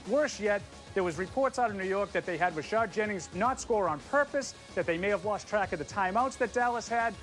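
A man's voice: high-pitched, lively intonation, brisk, few pauses, a bit bright, soft background music. A man co-hosting a sports show, arguing his picks in a casual, emphatic way and leaning on "listen" and "I think.". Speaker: co-host, sports analyst. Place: luxury suite at a stadium.

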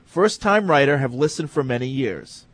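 A man co-hosting a sports talk show, reading listener emails in an easygoing, steady way. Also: mid-range voice, normal speed.

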